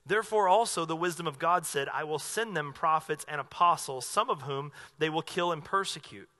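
A man preaching a sermon as pastor, conversational and animated, acting out quotes as he goes. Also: a little high, moderate pace.

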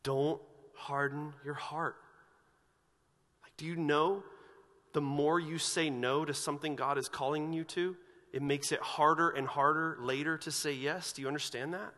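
A man's voice: on the high side, normal speed, in a large hall. A man preaching a sermon as pastor in a church, asking earnest, searching questions of the congregation. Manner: earnest, questioning, animated when retelling scripture scenes. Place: church sanctuary.

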